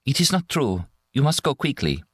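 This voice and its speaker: A man narrating an audiobook voices a sad young woman who pleads softly in halting speech. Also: medium pitch, big pitch swings, breathy edge, dry recording, studio quality, voice pushed up. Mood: pleading.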